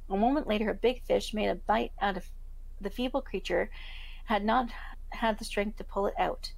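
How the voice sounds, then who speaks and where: A woman podcast host reading a fairytale aloud in a steady storybook manner. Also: medium pitch, vocal fry, low-quality recording. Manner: steady storybook narration with self-corrections.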